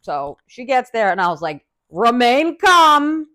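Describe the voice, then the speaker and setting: A woman's voice: on the low side, lively intonation, moderate pace. A woman hosting a podcast who tells a personal story in a casual, profane, laughing way. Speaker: podcast host.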